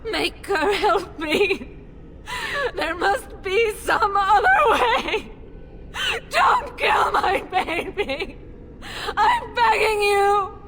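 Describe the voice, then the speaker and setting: A woman's voice: fairly high pitch, takes it slowly, pauses often, slight background noise. A desperate noble mother. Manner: pleading, emotional.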